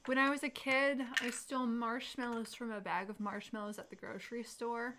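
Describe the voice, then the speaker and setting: A woman co-hosting a livestream, chatting casually, teasing and blunt, quick to laugh. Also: a little high, fairly even intonation. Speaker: livestream co-host. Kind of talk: casual chat. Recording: noisy background.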